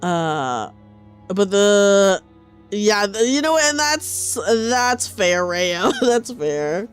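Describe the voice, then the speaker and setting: A woman streamer chatting casually with her viewers during a game, animated and chatty. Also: mid-range voice, extremely slow, smooth, soft background music. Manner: animated, chatty, reads chat aloud.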